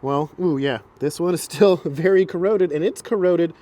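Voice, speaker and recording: Standing outdoors by a truck, captured on a camera mic, a man with a slightly high, warm voice chats at a normal speed about a car repair for his vlog. He's self-deprecating and talkative, often drifting into long-winded explanations.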